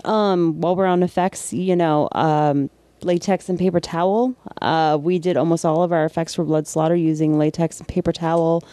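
This is a New Jersey-accented makeup effects artist in relaxed shop talk. The voice is mellow and warm at a middling pitch, with frequent ums between thoughts. It is recorded close and dry. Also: normal speed, dry recording. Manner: chatty, many filler ums.

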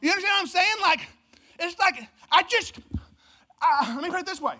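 A pastor preaching a Christmas sermon, swinging from loud, emphatic exclamations to low, hushed delivery. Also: expressive, brisk. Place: church service.

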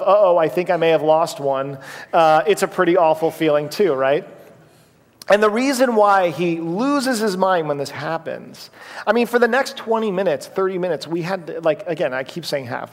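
A man in his thirties preaches in a church sanctuary, his voice pitched a little high with a gravelly edge. He tells stories casually, full of fillers and restarts. The sound carries a long reverb from the big room. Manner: conversational storytelling with fillers. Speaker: pastor. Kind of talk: sermon. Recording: long reverb of a large hall.

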